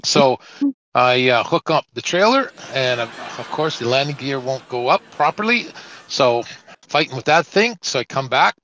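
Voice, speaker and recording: A man's voice: medium pitch, normal speed, a little hiss or hum, rough recording. A man who drives trucks and co-hosts a podcast, telling a long road story in casual chat and acting out both sides of the exchanges. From Canada. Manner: animated anecdotal storytelling, acting out quoted exchanges.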